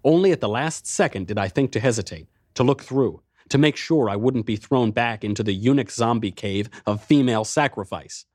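A man's voice: medium pitch, moderate pace, hardly any pauses, a little mellow, dry recording, studio quality. A man narrating a first-person adventure story in a tense, driving way.

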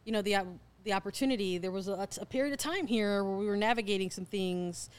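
An upbeat woman co-hosting a podcast, promoting events with easy enthusiasm in casual banter. Her voice is smooth and clear, pitched in a middle range. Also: fast talker. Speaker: podcast co-host.

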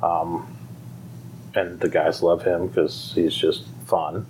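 A very low-voiced man talks casually and loosely, drifting through fillers and restarts and laughing easily. A faint hiss of noise sits under his voice. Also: level tone, takes it slowly, a little mellow, low-quality recording. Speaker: fire department pipe band organizer. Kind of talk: casual conversation.

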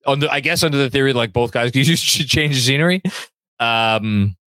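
A man hosts a fan podcast in a loose, rambling way and stumbles over repeated words as he thinks. His voice sits at a middling pitch. The recording is dry, with no room sound. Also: a little fast, fairly bright tone, no room sound. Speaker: podcast host. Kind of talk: casual podcast chat reading viewer comments.

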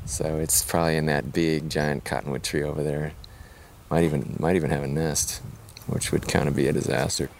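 A man's voice: rumbling low, level tone, a little fast, vocal fry, slight background noise. A man walking a riverbed outdoors, explaining wildlife in a casual, enthusiastic way with fillers. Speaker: wildlife conservationist. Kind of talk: explaining on a field walk.

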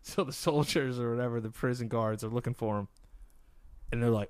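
A man's voice: on the low side, steady tone, fast talker, a little mellow, no echo. A man co-hosting a podcast, telling jokes in a rambling way and laughing at them. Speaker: podcast co-host. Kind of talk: casual chat, telling jokes.

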